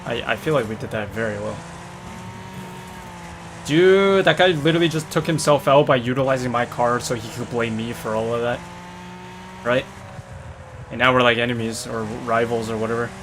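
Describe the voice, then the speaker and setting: A man giving rambling, excitable commentary while he plays a game, often saying "dude", on a desk mic near a noisy computer. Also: medium pitch, moderate pace, long pauses. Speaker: gamer. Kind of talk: casual gameplay commentary. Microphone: desktop mic near a noisy computer. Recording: loud racing game sounds behind voice.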